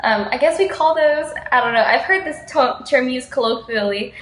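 A woman's voice: sits high, normal speed, reverberant, rough recording. A young woman from Houston, Texas, chatting casually and frankly with a friend and laughing often. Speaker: friend in conversation. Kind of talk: casual chat.

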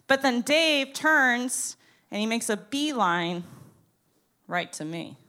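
Young female storyteller, bright and slightly high, animated character bits. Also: takes it slowly. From Florida, USA. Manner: animated, acts out both sides of conversations. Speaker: storyteller comedian. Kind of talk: stand-up storytelling.

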